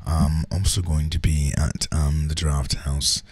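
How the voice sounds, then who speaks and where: A man chatting as a guest on a talk show, laid-back and quick to laugh. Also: very deep voice, flat delivery, a little mellow, breathy edge, no echo, clean studio sound. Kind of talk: casual talk show banter.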